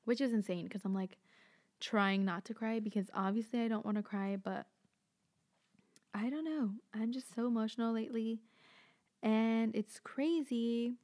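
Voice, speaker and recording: A woman's voice: a little high, normal speed, a little mellow. A young woman hosting a solo podcast, rambling casually with lots of fillers and swearing. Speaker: podcast host.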